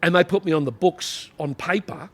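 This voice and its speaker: A man's voice: sits high, moderate pace. A middle-aged man with an Australian accent, a former police officer telling rambling anecdotes in a casual interview, full of "you know" asides.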